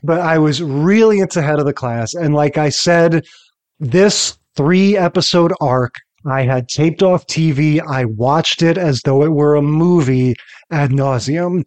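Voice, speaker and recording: A man's voice: on the high side, measured pace, a little mellow. A man co-hosting a podcast, chatting casually about old sitcom episodes. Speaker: podcast co-host. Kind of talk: casual chat recapping TV episodes.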